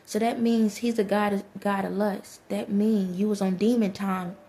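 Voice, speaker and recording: A woman's voice: mid-range voice, level tone, normal speed, dark tone, a little hiss or hum. A woman, talking to her viewers in a rambling spiritual monologue, laughing often and speaking to presences only she feels.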